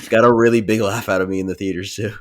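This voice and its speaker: Young man with a fairly low voice, dry humor. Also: fairly even intonation, fast talker. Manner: dry, laughs at his own picks. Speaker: podcast co-host. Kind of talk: casual movie chat.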